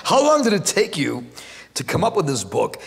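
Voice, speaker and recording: A man's voice: fairly high pitch, huge pitch swings, normal speed, vocal fry, in a large hall, crowd noise. A man hosting an interview, teasing his guest with crude jokes and laughing often. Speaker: talk show host. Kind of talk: joking interview banter.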